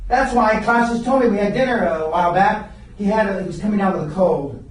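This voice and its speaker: An older man speaks with a fairly high voice, telling blunt, profane stories to a seminar room and often breaking off to restart his sentences. He is captured from a distance, and the room's strong echo rings around every line. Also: a little fast, slight background noise. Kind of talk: live seminar storytelling. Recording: very echoey room, recorded from far off.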